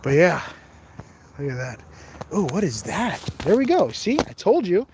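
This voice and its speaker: Tired guy rambling on a phone livestream outside, kinda high voice, faint noise behind. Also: big pitch swings, unhurried. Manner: rambling, jokey, reads viewer comments aloud. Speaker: livestream host exploring outdoors. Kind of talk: casual live-stream chat. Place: outdoors on rough open ground. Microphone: phone camera held while walking.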